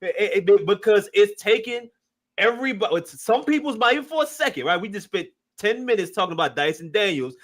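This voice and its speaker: A man's voice: sits high, animated, a little fast. A man with a New Orleans accent, insistently arguing a theory on a sports podcast. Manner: conspiratorial, insistent. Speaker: podcast co-host. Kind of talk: casual sports chat.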